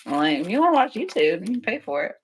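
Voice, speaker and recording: A woman's voice: a little high, husky. Laughing young woman telling stories. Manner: animated storyteller who laughs often. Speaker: nurse. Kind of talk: casual chat.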